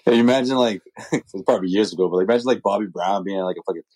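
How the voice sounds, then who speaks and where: Man, husky voice, quick slangy sports talk, dry sound. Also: low voice, a little mellow, no echo, low-quality recording. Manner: slangy, profane, jokey. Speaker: podcast co-host. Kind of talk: casual sports chat.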